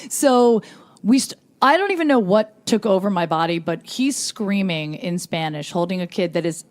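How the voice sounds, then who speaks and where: A woman tells a long anecdote as a guest on a comedy podcast. She pitches her voice in the middle range, lets it rise and dip with the drama, and acts out the lines she quotes. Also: normal speed. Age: 20s. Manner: animated storyteller who acts out shouted quotes.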